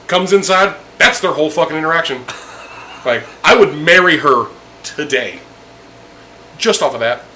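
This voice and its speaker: A man with a bright, forceful voice spins a crude bar story for friends over drinks. His delivery is animated and full of swearing. A faint room hum sits behind him. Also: fairly high pitch, moderate pace, long pauses, rough recording. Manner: profane, animated storytelling with laughs. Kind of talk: casual chat over drinks. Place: indoors with friends.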